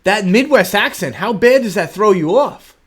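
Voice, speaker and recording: A man hosting a podcast in casual chat, rambling and profane, getting excited as he talks. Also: high voice, moderate pace, slightly rough. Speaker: podcast host.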